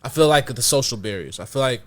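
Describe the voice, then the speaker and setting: A male podcast host talks in a mid-range voice, casual and reflective. He works through his ideas out loud, circling back with plenty of fillers as he explains. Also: medium pitch, expressive, quick pace.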